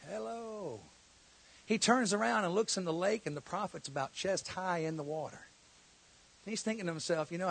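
A man preaching a sermon, telling a story and then building to loud, shouted exhortation before a church congregation. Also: fairly high pitch, gravelly, husky. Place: church hall.

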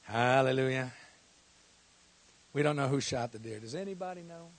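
A man preaching a sermon as pastor. He moves from quiet joking asides to loud, emphatic preaching and repeats phrases for emphasis. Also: on the high side, animated, fast.

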